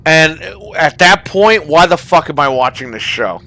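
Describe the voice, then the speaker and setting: A man's voice: on the high side, expressive, a little slow, pushed and bright. A man hosting a casual online gaming chat, ranting with heavy profanity. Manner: profane, ranting about wrestling. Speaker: podcast host.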